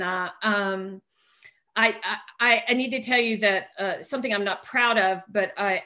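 A woman's voice: medium pitch, sharp tone. A middle-aged woman from East Tennessee telling a self-mocking personal story to a recovery meeting, with comic asides. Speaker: recovery speaker.

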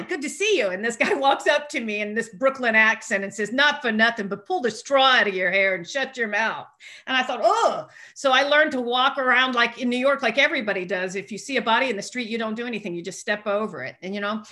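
A woman's voice: mid-range voice, sharp tone. A middle-aged woman from East Tennessee telling a self-mocking personal story to a recovery meeting, with comic asides. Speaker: recovery speaker.

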